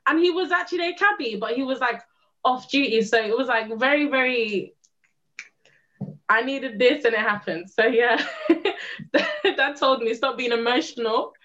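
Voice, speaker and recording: A young woman with a fairly high voice tells a story in a casual talk. She laughs often and plays up her own drama. The recording sounds a little dull and lo-fi. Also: moderate pace, pauses often, a bit bright. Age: young adult. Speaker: daughter telling a story.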